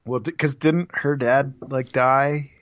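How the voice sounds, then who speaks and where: A relaxed man co-hosting a podcast who steers the questions, chuckling now and then. His recording sounds dry, with a slightly dull, muffled tone. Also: mid-range voice, slow, no echo. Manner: relaxed, leads the questions, soft laughs. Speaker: podcast co-host. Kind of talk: casual chat.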